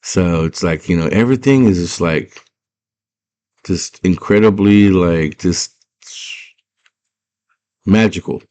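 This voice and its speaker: A man's voice: low voice, takes it slowly, pauses often, a little mellow. A man casually retelling a movie plot, rambling and slangy with lots of fillers. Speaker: movie fan.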